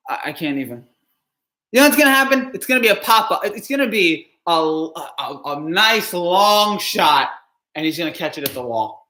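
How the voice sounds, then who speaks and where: A man anxiously reacting live to a ballgame, pleading and sighing heavily as the pitches come in. His voice is bright and edgy and swings widely in pitch. The room adds a noticeable echo. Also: lively intonation, unhurried, long pauses. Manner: anxious, pleading, heavy sighs. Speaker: sports fan streamer. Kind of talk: live game reaction stream.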